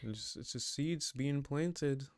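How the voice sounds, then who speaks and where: A podcast co-host chiming in during a casual discussion, speaking in a measured, slightly hesitant way. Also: medium pitch, a crowd in the background.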